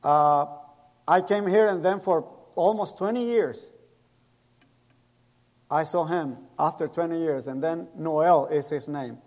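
High-voiced pastor preaching in an echoey hall. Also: male voice, slow pace, long pauses, darkish tone. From El Salvador. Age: middle-aged. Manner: storytelling, acts out quoted voices, non-native grammar. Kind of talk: sermon with personal stories.

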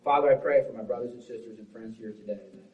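A man preaching a sermon as pastor, swinging between forceful, loud lines and hushed, quiet ones. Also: medium pitch, quick pace, slight background noise. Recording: roomy, distant, dull sound.

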